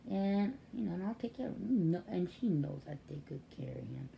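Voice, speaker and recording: A woman's voice: on the low side, sing-song, brisk, gravelly, warm tone, slight background noise. An older woman, a grandmother, telling family stories in a chatty, casual way. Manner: chatty, acts out quoted voices. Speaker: grandmother and caregiver. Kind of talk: casual storytelling vlog.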